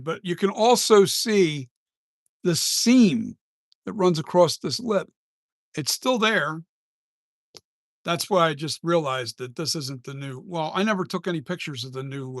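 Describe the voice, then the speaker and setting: A man's voice: on the high side, no room sound, studio quality. A man who makes masks, chatting casually on a live stream, rambling and often trailing off and restarting sentences. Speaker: mask maker and live streamer.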